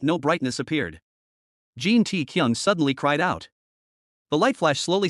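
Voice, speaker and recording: A man narrating a comic story recap in a steady, plain storytelling manner. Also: on the high side, no echo, clean studio sound.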